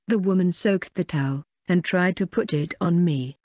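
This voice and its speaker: A woman narrating a first-person fantasy audiobook in an even, plain reading. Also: fairly low pitch, moderate pace, hardly any pauses, dry recording, studio quality.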